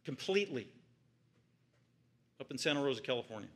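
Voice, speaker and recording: A male pastor preaches in a sing-song manner, a little fast, emphatically repeating phrases for stress. He alternates between loud peaks and quiet low stretches.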